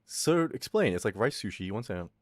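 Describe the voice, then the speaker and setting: A male streamer chatting casually with his viewers, swinging from loud outbursts to low mutters and swearing freely. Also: big pitch swings, a little fast, no echo, clean studio sound. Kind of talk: casual livestream chat with viewers.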